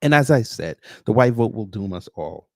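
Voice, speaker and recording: A man's voice: on the low side, lively intonation, normal speed, gravelly, darkish tone, dry recording, clean studio sound. A man hosting a livestream, reading viewer names and commenting with a sarcastic, mocking edge. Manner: sarcastic, greets chat viewers by name. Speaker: livestream host.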